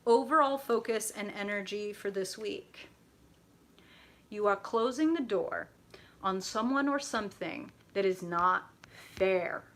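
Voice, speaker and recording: A woman's voice: mid-range voice, measured pace, a bit bright. Chatty woman reading tarot live. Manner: chatty, laughs often, swears, talks to viewers by name. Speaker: tarot reader hosting a livestream.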